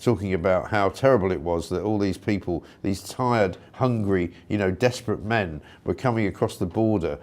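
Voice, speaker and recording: A man's voice: moderate pace, hardly any pauses, a little mellow. A man hosting an opinionated talk show, talking in an emphatic, indignant way. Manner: emphatic and indignant, pitch swinging up when riled.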